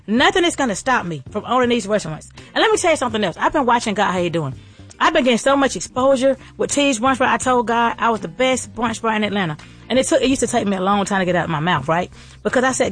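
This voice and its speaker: Female restaurant owner, motivational faith talk; rapid, repetitive, sermon-like cadence. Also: on the high side. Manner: fast, preachy, repetitive rallying cadence.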